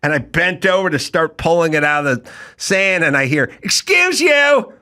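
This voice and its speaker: A man's voice: fairly high pitch, sharp tone. A middle-aged man hosting a podcast, telling stories in a wry, sarcastic, chatty way. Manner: wry, sarcastic storytelling with quick interjections. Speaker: podcast host. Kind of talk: casual chat.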